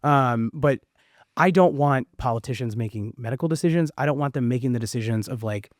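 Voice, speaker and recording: A man in his thirties, a podcast guest talking fast and animatedly, with plenty of fillers and the odd swear. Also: mid-range voice, dry recording, studio quality. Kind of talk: casual conversation.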